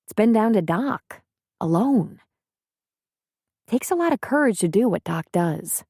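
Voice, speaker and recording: A woman's voice: medium pitch, expressive, unhurried, darkish tone, breathy edge, dry recording, clean studio sound, voice pushed up. A woman voicing an earnest, candid young nurse from the city in an audiobook reading.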